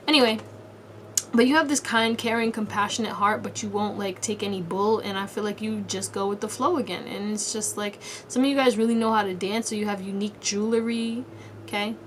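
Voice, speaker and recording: With a medium-pitched, fairly bright voice at normal speed, a woman runs a casual pick-a-card tarot reading. She addresses the viewer in second person, slangy, blunt, and freely profane, over a little hiss or hum.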